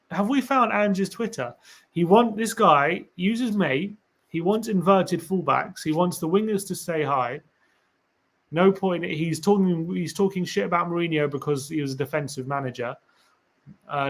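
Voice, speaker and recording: A man's voice: fairly high pitch, a bit bright. A man hosting a casual live stream for a fan channel, reading tweets aloud, musing and rambling with rhetorical questions to viewers.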